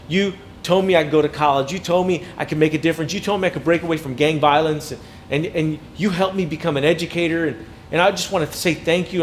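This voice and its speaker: High-voiced animated male speaker. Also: slight background noise. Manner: animated storyteller, acts out quotes, repeats words. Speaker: motivational speaker. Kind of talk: storytelling keynote speech.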